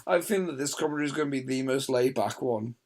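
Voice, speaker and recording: A man's voice: medium pitch, racing, darkish tone. A man chatting casually through a film commentary from bed, rambling and laughing often. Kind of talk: casual chat. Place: lying in bed indoors.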